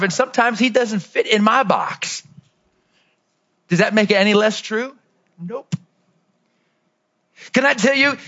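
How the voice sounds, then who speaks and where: Pastor guy preaching loud and high, bright sharp voice, kinda muffled recording. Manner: animated, swings from low asides to shouted peaks. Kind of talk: sermon.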